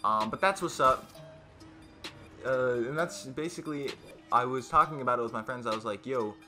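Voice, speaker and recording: Teen boy, casual storytime vlog, rambling with fillers, medium-pitched voice, music playing underneath. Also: normal speed. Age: teens. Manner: rambling, lots of fillers and restarts, loud when quoting friends. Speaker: YouTuber.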